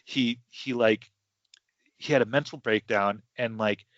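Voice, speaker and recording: A man's voice: medium pitch, measured pace, fairly bright tone, dry recording. A man hosting a podcast in casual chat, rambling and hesitant with many restarts. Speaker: podcast host. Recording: dull lo-fi sound.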